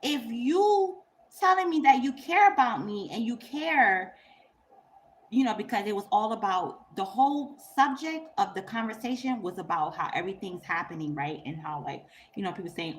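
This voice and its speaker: A young woman, telling a story to camera in a blunt, profane, animated way and laughing often. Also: medium pitch, normal speed, a little hiss or hum. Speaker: vlogger. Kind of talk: unscripted storytime rant.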